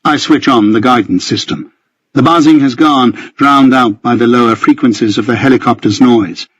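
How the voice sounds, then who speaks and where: Husky male audiobook narrator. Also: medium pitch, normal speed, dry recording, highs cut off. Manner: tense, vivid storytelling. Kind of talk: first-person scripted narration.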